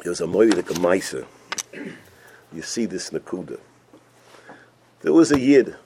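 A man telling a folk tale in a sermon, animated and full of Yiddish and Hebrew terms. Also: sits low, unhurried, a little hiss or hum. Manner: animated storyteller, acts out characters, sprinkles Yiddish and Hebrew terms. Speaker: rabbi teaching a weekly Torah portion. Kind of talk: storytelling sermon.

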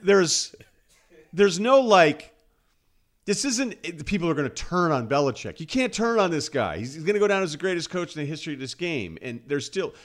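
A man's voice: fairly high pitch, big pitch swings, moderate pace. A man from New England talking football as a podcast guest, rambling through stories and acting out quoted asides. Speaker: guest analyst. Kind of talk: casual sports talk.

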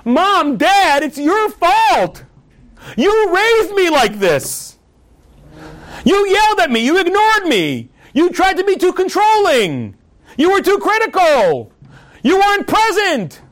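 A man's voice: extremely high pitch, huge pitch swings, slow, a bit bright, voice pushed up, full character voice. A man voicing an anguished young man who pleads and complains in a raised, whiny voice. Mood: whining, blaming. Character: anguished young man blaming his parents.

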